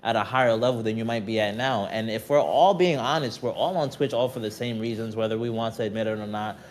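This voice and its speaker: A male streamer appears as a guest on a casual podcast, speaking quickly in a lowish voice. He's animated and rambling, often tossing in "you know what I mean."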